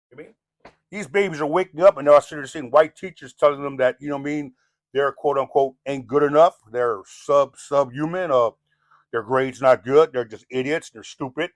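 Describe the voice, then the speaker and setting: In a dry, clean studio recording, a man with a slightly high voice launches into a rambling, preachy rant. His Southern California accent carries a Samoan influence, and he is blunt, profane, and keeps saying "you know what I mean".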